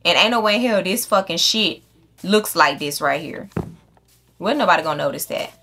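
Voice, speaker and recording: A woman hosting her own game channel talks through her build in casual, swear-heavy commentary. Her voice sits a little low but comes across bright and punchy. She chats straight to her viewers and scolds the game animals, over faint background music. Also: lively intonation, moderate pace. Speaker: gaming channel host. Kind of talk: casual let's-play commentary.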